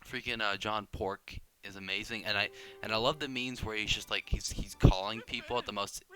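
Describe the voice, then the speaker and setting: A man's voice: on the low side, steady tone, a little fast, sharp tone. A young man giving casual gameplay commentary, rambling and self-deprecating, with frequent restarts and tangents. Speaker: gaming video creator.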